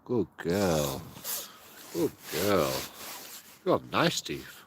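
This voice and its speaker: Man coaxing his dogs, swinging pitch. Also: huge pitch swings, very slow, background noise. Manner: coaxing singsong talk to his dogs, mixed with swearing and mock threats. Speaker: streamer. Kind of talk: casual chat with his pets.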